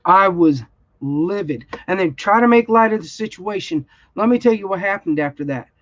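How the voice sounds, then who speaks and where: A woman's voice: mid-range voice, lively intonation, normal speed, dry recording. A woman, telling a story in a blunt, heated way during a casual livestream chat. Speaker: crafting channel host. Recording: dull, slightly lo-fi sound.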